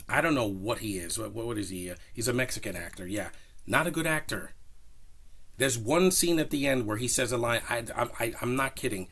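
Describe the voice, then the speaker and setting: A man giving a casual, rambling spoken film review, opinionated and animated. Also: mid-range voice, brisk. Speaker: movie reviewer.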